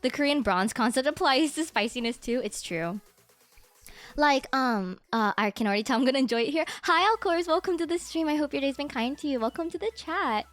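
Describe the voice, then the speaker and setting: A woman's voice: high voice, expressive, fairly quick. A young woman streaming, chatting casually, giggling a lot and mimicking her parents' exclamations. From United States. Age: young adult. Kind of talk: casual chat. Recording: faint music behind.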